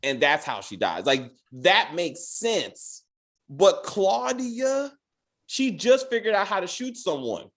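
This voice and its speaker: A podcast host tears into a TV episode in a loose, profane rant. The voice sits at a middle pitch but swings widely and lively, and the host keeps slipping into quick acted-out lines from the characters. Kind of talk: casual spoiler rant.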